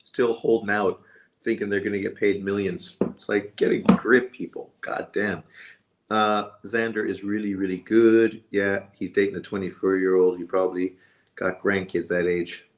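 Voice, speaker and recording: A man's voice: deep voice, little pitch movement, normal speed. A man hosting a live boxing watch-along stream, talking casually in a blunt, crude way and swearing often. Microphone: streaming setup. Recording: roomy echo with faint background noise.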